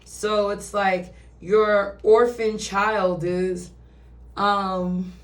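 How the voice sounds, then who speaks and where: A woman's voice: mid-range voice, flat delivery, drawn-out words. A woman giving a casual, chatty tarot reading who swears and acts out quoted voices. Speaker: tarot reader. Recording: roomy echo, distant from mic.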